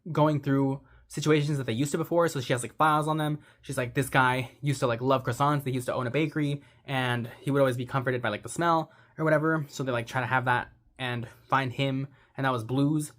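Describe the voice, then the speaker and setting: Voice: medium pitch, steady tone, brisk, few pauses. A young adult giving a casual, rambling movie recap, gushing and sentimental, saying "like" constantly. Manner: rambling, heavy use of "like". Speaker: movie reviewer.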